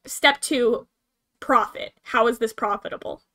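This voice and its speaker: A woman's voice: a little high, unhurried, a bit bright. A woman streamer chatting casually, giggling often and rambling from one thought to the next. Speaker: streamer host. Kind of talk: casual chat.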